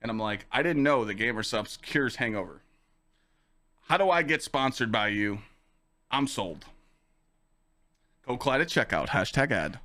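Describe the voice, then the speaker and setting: A young man hosting a casual podcast stream, telling stories to chat in a lively, swearing, animated way. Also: medium pitch, a little slow, long pauses. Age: young adult. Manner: animated, swearing, acts out quoted lines in a raised voice. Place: home streaming room with dog on lap.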